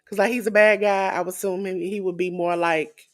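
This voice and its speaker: A woman co-hosting a wrestling podcast in casual chat, animated and acting out quotes in different voices. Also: mid-range voice, brisk. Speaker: podcast co-host.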